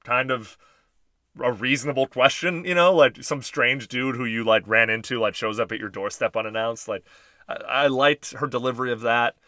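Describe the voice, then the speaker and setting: A man's voice: medium pitch, normal speed, no room sound, clean studio sound. A man co-hosting a casual podcast, retelling scenes from a TV episode with frequent "like" and laughter. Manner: laughing, filler-heavy, animated retelling. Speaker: podcast co-host. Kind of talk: casual chat about a TV episode.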